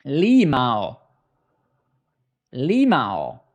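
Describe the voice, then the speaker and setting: A man's voice: medium pitch, wildly swooping pitch, drawn-out words, lo-fi sound. A young man live-coding on stream, bantering sarcastically and swearing at his chat as he works.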